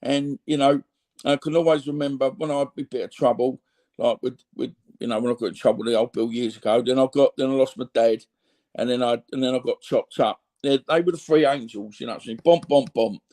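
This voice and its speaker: A man's voice: mid-range voice, fairly even intonation, a little fast, mellow. A middle-aged man with a Cockney accent talking candidly as an interview guest, rambling and tagging on "you know what I mean" asides. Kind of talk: candid reflective conversation.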